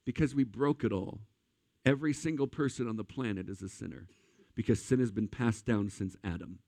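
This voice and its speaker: A man preaching a sermon at a church service in an energetic, conversational way, talking straight to the congregation. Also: on the low side, a little fast, no echo, studio quality. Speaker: pastor.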